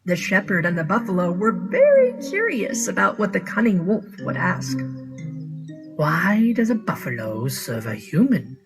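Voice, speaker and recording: A woman as a slow, lively storyteller. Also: fairly low pitch, over music, low-quality recording. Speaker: narrator of a recorded story. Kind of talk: recorded story narration.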